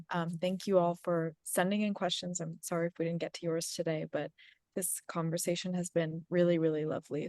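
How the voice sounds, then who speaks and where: A woman's voice: fairly low pitch, a little mellow, no echo. A woman moderating an online talk, giving polite closing thanks and announcements with a few fillers. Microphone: video call.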